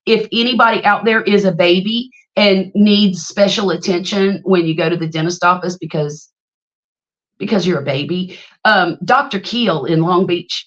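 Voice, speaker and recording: A woman in her late fifties hosts a relaxed livestream chat, telling long stories and calling out viewers by name. Her voice sits a little low for a woman. The stream audio is slightly muffled and lo-fi. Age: 50s. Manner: chatty and storytelling, greets viewers by name, laughs often. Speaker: livestream host.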